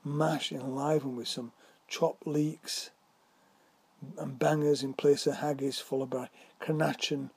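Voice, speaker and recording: A man narrating a whimsical story in a measured reading voice. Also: a little high, little pitch movement, a little mellow, breathy edge, dry recording.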